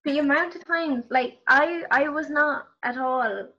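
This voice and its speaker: Irish woman guest, bright slightly high voice, rambling chat. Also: unhurried. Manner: laughing, rambling, full of fillers. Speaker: podcast guest. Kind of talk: casual chat. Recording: muffled lo-fi mic.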